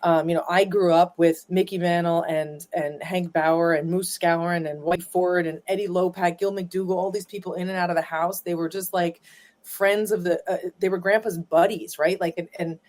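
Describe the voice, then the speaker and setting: A woman's voice: fairly low pitch, steady tone, normal speed, a little mellow. A woman being interviewed, telling family stories in a chatty, rambling way with many fillers and restarts. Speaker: guest, granddaughter of a former ballplayer. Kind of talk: casual storytelling interview.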